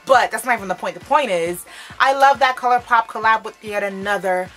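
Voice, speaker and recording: A young adult woman hosting a casual makeup first-impression vlog, bubbly and expressive, full of slang. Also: fairly high pitch, brisk, soft background music. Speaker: beauty vlogger. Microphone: camera framed close.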